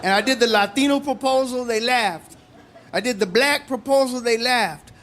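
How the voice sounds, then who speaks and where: A middle-aged comic with a very high-pitched voice works through his stand-up set at a normal speed, delivering jokes as if chatting with the live crowd. The stage mic picks up loud audience laughter along with slight background noise.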